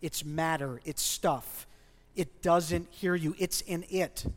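A man's voice: on the high side, fairly even intonation, slow. Passionate male pastor preaching in a reverberant hall. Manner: passionate, rising emphasis on key points. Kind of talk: sermon.

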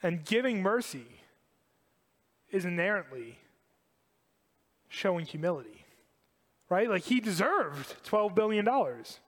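A man preaching a sermon to a congregation, animated and emphatic, repeating key phrases. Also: high voice, measured pace, long pauses, long reverb tail. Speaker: pastor.

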